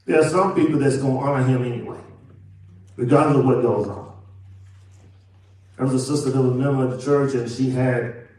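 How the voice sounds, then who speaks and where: A man, pastor, preaching a sermon and swinging from loud to hushed. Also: medium pitch. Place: church sanctuary. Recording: echoey church from far off.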